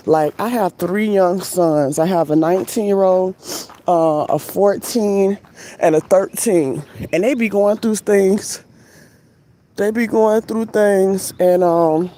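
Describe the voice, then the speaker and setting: A middle-aged woman from Florida, chatting casually at home on her vlog and drifting into animated stories and tangents. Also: lowish voice. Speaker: vlog host. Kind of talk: casual rambling chat.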